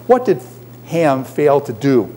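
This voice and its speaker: A man's voice: mid-range voice, big pitch swings, slow pace, mellow. A middle-aged man teaching a class, lecturing and constantly posing questions to his students. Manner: poses frequent questions to the class.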